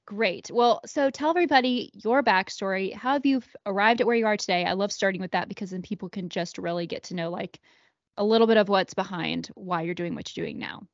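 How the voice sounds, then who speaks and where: A woman's voice: medium pitch, fairly quick, no echo, dull audio. Bubbly woman podcast host. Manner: bubbly and effusive. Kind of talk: upbeat podcast interview.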